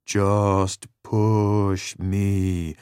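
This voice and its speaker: A man's voice: on the low side, little pitch movement, drawn-out words, warm tone, smooth, dry recording, clean studio sound. A man doing a nervous young boy. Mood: yelling. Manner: worried, nervous delivery.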